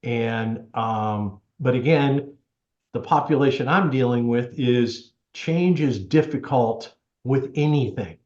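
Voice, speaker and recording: A man's voice: medium pitch, slow. A man being interviewed, casually telling stories and acting out what people said. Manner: chatty, animated storyteller, acts out quotes. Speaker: tech helper for seniors, guest. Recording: roomy, slightly dull sound.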